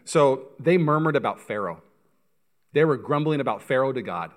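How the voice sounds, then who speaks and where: A pastor preaching a sermon, telling stories with energy and speaking straight to the congregation. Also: male voice, mid-range voice, moderate pace. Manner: animated storytelling, acts out voices, addresses congregation directly.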